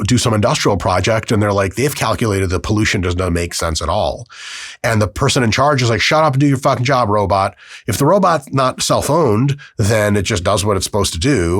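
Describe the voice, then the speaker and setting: Male podcast host, solo monologue, husky and lively, dry close sound. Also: medium pitch, no echo. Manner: animated, profane, acts out quick voices in his story.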